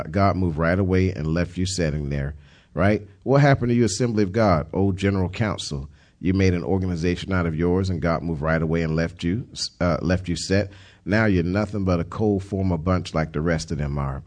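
A man with a fairly low voice preaching a fervent sermon. His folksy, colloquial delivery repeats and restarts words, then climbs into loud, emphatic declarations.

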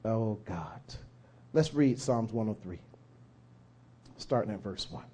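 A man preaching a sermon, telling a story with fervor and swelling to shouts. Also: on the low side, animated, slow, breathy edge.

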